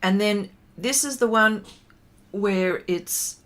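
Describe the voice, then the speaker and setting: A woman's voice: medium pitch, slow, a bit bright. A woman artist chatting casually with viewers during a livestream pastel demonstration, greeting them and laughing often.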